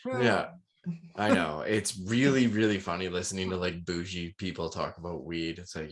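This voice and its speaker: A man's voice: sits low, moderate pace. A man from Canada co-hosting a podcast, talking loosely and laughing often. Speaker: podcast co-host. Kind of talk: casual chat.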